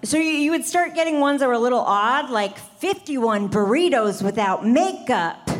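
A woman doing a stand-up set on a club stage with wry, deadpan asides, into a stage microphone. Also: fairly high pitch, moderate pace. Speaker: stand-up comedian. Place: comedy club stage with live audience. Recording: live club recording with faint noise.

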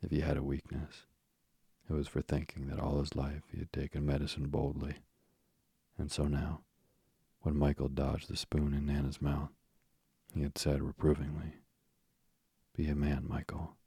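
Deep gravelly male storyteller. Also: monotone, moderate pace, mellow, no room sound, studio quality. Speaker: narrator. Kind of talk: audiobook narration of a classic children's story.

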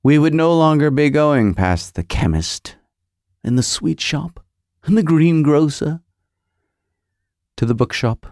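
A man's voice: a little high, lively intonation, takes it slowly, long pauses, a little mellow, dry recording. Rambling, nostalgic American man, dry sound. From United States. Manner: nostalgic, self-interrupting, searches memory aloud. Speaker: podcast host. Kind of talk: rambling monologue.

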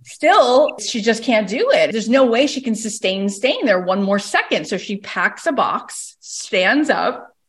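A woman's voice: fairly high pitch, lively intonation, measured pace, hardly any pauses, husky. A woman coach on a recorded call, telling a story with energy and acting out the people she quotes. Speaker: coach and podcast host.

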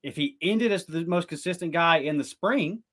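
A man co-hosting a sports talk show, making his case in an earnest, argumentative way with quick bursts of speech. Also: fairly high pitch, fairly bright tone, slightly rough. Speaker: podcast co-host.

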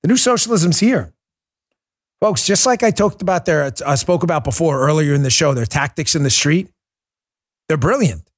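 A man's voice: a little high, expressive, moderate pace. A man hosting a political talk show, delivering a sarcastic, mocking monologue with big swings in tone. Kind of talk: opinionated monologue.

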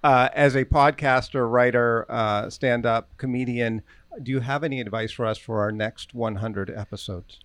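A man co-hosting a podcast, joking and a bit halting as he asks his guest questions. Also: medium pitch, steady tone, fairly bright tone, no echo. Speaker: podcast co-host. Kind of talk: casual interview chat.

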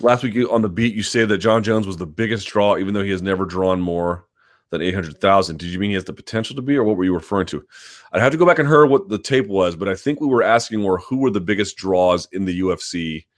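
A man hosting a live chat about a combat sport, reading viewer questions aloud and answering at length with many ums and restarts. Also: low-pitched. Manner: talks quickly and hedges, lots of ums and restarts. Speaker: host.

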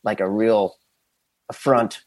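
A man's voice: lowish voice, fairly even intonation. Hesitant man, podcast guest. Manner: hesitant, halting with restarts. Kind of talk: casual chat.

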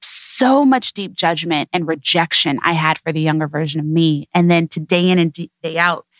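A woman's voice: deep voice, moderate pace, dry recording. A woman guest on an interview show, speaking earnestly and reflectively in repeated emphatic phrases.

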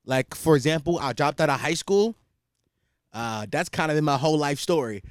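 A man's voice: a little high, animated, moderate pace, no echo, studio quality. A young man hosting a podcast, chatting casually in a rambling, profane and self-mocking way. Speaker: podcast host. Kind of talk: casual solo chat.

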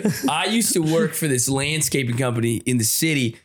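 A man co-hosting a comedy podcast, telling a story in a loose, animated way. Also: medium pitch, brisk. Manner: animated storyteller, acts out other voices. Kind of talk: casual storytelling chat.

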